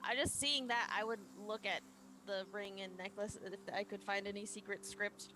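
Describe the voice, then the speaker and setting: A woman's voice: medium pitch, fairly even intonation, moderate pace, sharp tone, a little hiss or hum. A woman playing a tabletop game, eager and chatty as she describes her actions. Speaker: player. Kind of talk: casual tabletop banter.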